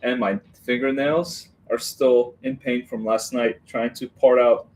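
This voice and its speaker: Brief: rambling male live-stream host, casual chat, mid-pitched voice, faint background hiss. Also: steady tone, unhurried, a little mellow. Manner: rambling, chatty, often laughs at himself; greets viewers by name.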